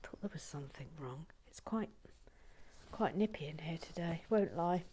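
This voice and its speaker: A British woman chatting playfully in a soft, often half-whispered voice as she builds in a chilly garden shed. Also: low-pitched, expressive, moderate pace, slight background noise. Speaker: video host building toy bricks. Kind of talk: relaxed build-along chat.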